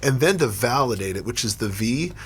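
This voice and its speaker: A man's voice: mid-range voice, expressive, brisk, fairly bright tone, husky. A man co-hosting a casual instructional talk show about emergency care, explaining step by step with frequent restarts. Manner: thoughtful, repeats and restarts while explaining. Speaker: podcast co-host and EMS educator.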